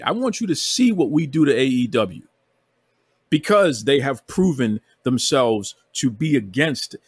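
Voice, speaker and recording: A man's voice: mid-range voice, breathy edge, no room sound. A man hosting a wrestling podcast, ranting with heavy emphasis and calling people out by repeating himself. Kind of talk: heated podcast rant. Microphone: remote podcast recording.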